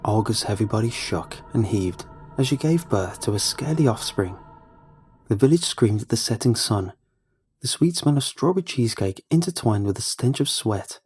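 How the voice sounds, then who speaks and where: A man giving scripted first-person horror narration in a measured, ominous manner. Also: on the low side, expressive, darkish tone, faint music behind.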